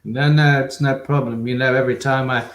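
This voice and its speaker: A haughty, drawling rich art patron who looks down on everyone around him, as a man puts him on in an improv scene. The voice sits at a middle pitch and rings in an echoey room. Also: level tone, fairly quick, fairly bright tone, a little hiss or hum, natural voice. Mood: condescending. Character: snooty rich male art patron, condescending.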